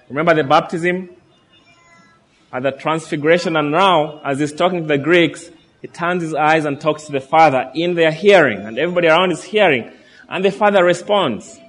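Higher-voiced preacher reading scripture. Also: male voice, fairly bright tone. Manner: earnest, asks the listeners questions.

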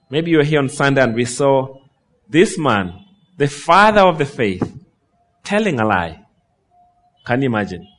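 A male pastor preaching a sermon, with big swings in pitch and loudness, slowing down and dropping low on key phrases.

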